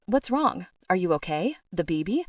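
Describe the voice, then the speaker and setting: A stern, commanding mafia boss man, put on by a woman narrator in a romance audiobook. His voice sits low and dry, a little back from the mic. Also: very animated, normal speed, no echo, distant mic.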